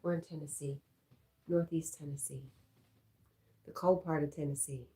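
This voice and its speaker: A woman's voice: low-pitched, fairly even intonation, normal speed, dark tone, husky. A woman hosting a casual livestream from home. She chats easily, talks to her dog and reads viewer comments aloud. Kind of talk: casual live-stream chat. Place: at home indoors.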